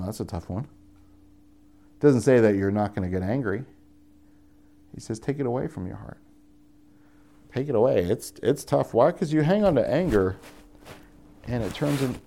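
A warm-toned young man, a pastor, gives a sermon in a casual, conversational manner. Gravelly fry runs through his voice, and he often lifts into higher, insistent appeals, then comes back down.

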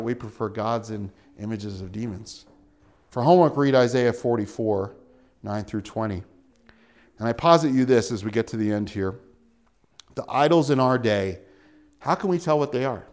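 A man preaching a sermon, animated, with wide swings in pitch and volume and frequent chuckles. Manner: chuckles often while preaching.

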